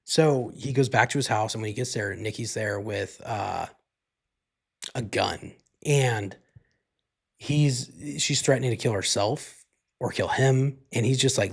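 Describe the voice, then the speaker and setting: Speaking a little slowly in a lowish, creaky, slightly rough voice, a male podcast host wanders through a movie recap on his own. He keeps it relaxed and rambling, saying "like" constantly and cursing freely.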